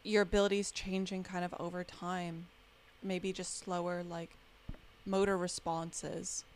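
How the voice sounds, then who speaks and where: A woman's voice: on the low side, unhurried, slight background noise. Chatty North American woman hosting. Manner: chatty, animated storyteller. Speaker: podcast host. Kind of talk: casual chat.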